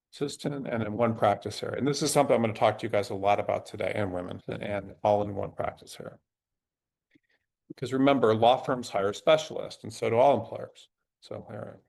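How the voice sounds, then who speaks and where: With a lowish, steady, gravelly voice that's a little mellow, a middle-aged webinar host leads a resume workshop. He thinks out loud in a halting way, frequently starting over while typing prompts onscreen.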